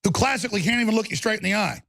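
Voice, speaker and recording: Brief: heated talk-show host, high raspy voice, dry studio mic, repetitive shouting bursts. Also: male voice, racing, no room sound. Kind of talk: angry political rant.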